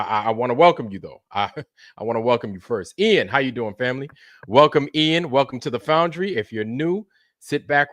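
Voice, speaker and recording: A man hosts a live stream and greets viewers in chat one by one. He talks in a relaxed, colloquial way and repeats his welcomes. His voice sits at a middle pitch and the recording is dry and close. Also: no echo. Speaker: livestream host.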